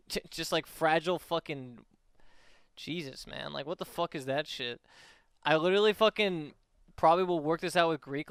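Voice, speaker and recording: A man's voice: fairly high pitch, fairly bright tone, clear, resonant tone, no room sound. A young man on a casual livestream, talking in a rambling, profane way with lots of fillers.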